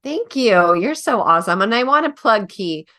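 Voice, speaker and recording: A woman hosts a casual talk show, enthusiastic and quick to affirm what her guest says. She sums up the takeaways warmly and moves the conversation along. Her voice sits at an ordinary middle pitch. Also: animated. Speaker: host. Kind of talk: casual chat.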